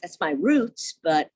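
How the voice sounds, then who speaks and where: Lively older woman with a Brooklyn accent. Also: lowish voice, breathy edge, no echo, studio quality. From Brooklyn, New York. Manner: lively, laughs often, self-deprecating. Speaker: voice actress guest. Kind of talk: casual interview chat.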